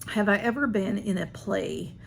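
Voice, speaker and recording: A woman's voice: medium pitch, moderate pace, gravelly, slight background noise. A woman chatting casually at home, answering a list of personal questions in a rambling, self-deprecating way. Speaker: vlogger.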